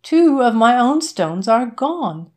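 A woman doing a fretful rich wife, high and loud. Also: a little slow. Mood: alarmed. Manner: fretful, exclaiming. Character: wealthy anxious middle-aged wife.

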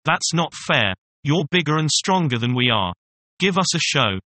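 A man voicing a group of rowdy, excited frontier soldiers in a storybook reading, in an agitated, jeering way. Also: a little high, moderate pace, dry recording.

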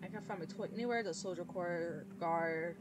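A woman's voice: on the low side, moderate pace, background noise, close to an everyday voice. A woman reading the lines of a small child in a video game who is searching for a lost toy, in close to her own voice. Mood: worried. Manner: reads the game's dialogue aloud. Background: game music.

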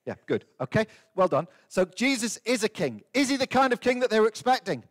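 A light, high-voiced man giving a children's talk in church. He keeps it playful, firing questions at the young ones and teasing out their answers. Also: big pitch swings, fairly quick. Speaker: priest leading a family service.

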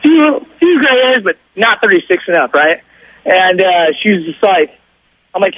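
A young man calling a radio show who tells a story in a boastful, excitable, slangy way over the phone. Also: high-pitched, moderate pace, no room sound, highs cut off. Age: young adult. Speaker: caller. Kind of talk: casual storytelling on a call-in show.

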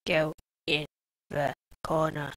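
A woman commenting on her own gameplay in a let's play, excitable and shouting taunts at enemies. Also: sits low, slow, gravelly, dry recording, rough recording. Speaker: gamer.

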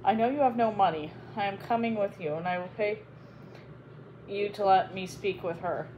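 A woman's voice: mid-range voice, normal speed, dull audio, a little hiss or hum, lightly acted. A woman voicing a brooding, menacing old priest. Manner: menacing, secretive. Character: brooding older male priest in a cape.

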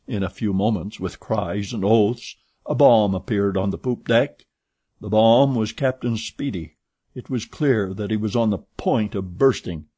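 A man reading a classic novel aloud as an audiobook narrator, in a steady, measured way. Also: on the low side, husky, dry recording.

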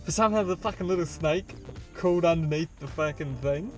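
A man's voice: on the high side, a little fast, faint music behind. A young man telling a rambling, profane dream story to a friend in casual chat. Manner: rambling, profane, animated retelling full of "like".

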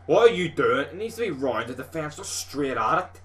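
With a slightly high voice at normal speed, a young Scottish man commentates live on gameplay for his gaming videos. He's sweary, boisterous, and as fired up as someone cheering at a football match.

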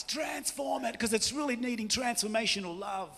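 A high-pitched, bright-toned Australian man preaching in a large church hall. He jokes and often shouts as he preaches, and his voice rings out with a long reverb. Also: normal speed, creaky. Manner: joking, animated, often shouting. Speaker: pastor. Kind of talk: lively preaching sermon.

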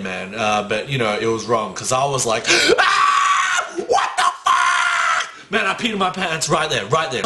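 A young man tells a comedy story, his high voice leaping wildly between calm asides and loud bursts of fake panic. He swears constantly. Recorded without a mic in an echoey room. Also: slight background noise. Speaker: stand-up comedian. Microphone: no microphone.

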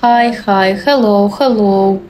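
A woman's voice: mid-range voice, slow pace, darkish tone, slight background noise, rough recording. A young woman in her twenties with a Belarusian accent, chatting cheerfully on a livestream in broken English, repeating greetings and thanks. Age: 20s. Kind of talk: casual live-stream chat reading comments.

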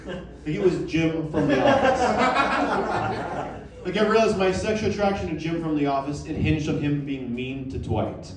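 A man's voice: fairly high pitch, sing-song. A young man performing a stand-up set in a small club, self-mocking and bantering with the crowd. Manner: playful, self-mocking, quick asides to the crowd. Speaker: stand-up comedian. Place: small comedy club with a live audience. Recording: roomy club sound, mic heard from a distance, audience noise.

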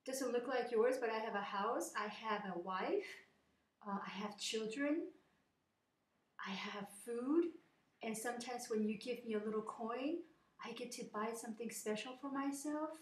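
A woman voicing a cheerful humble male servant, calm and matter-of-fact, in an echoey room. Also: a little high, normal speed, close to an everyday voice. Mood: content.

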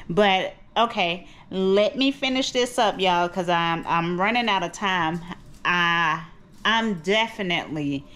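A woman's voice: on the low side, a bit bright. A middle-aged woman vlogging in her kitchen at home, rambling and chatty, calling her viewers cousins. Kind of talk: casual chat to camera.

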